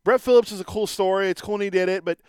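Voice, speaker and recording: A man's voice: high-pitched, fairly even intonation, racing, smooth, dry recording, clean studio sound. A man co-hosting a sports talk show, chatting casually and agreeably. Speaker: co-host.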